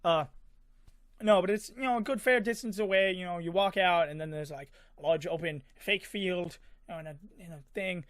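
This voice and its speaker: A man with a high voice tells a story in a loose, rambling way, full of fillers and small sound effects. He is recorded close and dry, with no room sound. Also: moderate pace, no echo. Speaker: vlogger. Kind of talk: casual storytelling.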